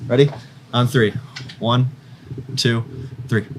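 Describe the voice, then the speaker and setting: A man's voice: medium pitch, fairly even intonation, takes it slowly, a little hiss or hum, poor audio. A man hosting a podcast, goofy and playful in casual chat. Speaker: podcast host.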